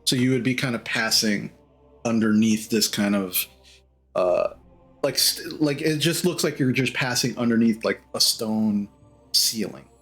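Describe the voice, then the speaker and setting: A man narrates as the dungeon master of a live-streamed tabletop game. His voice sits at an ordinary middle pitch. He talks in halting bursts, padding his descriptions with small fillers. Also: a bit bright, husky, faint music behind. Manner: halting, full of "uh" and "like".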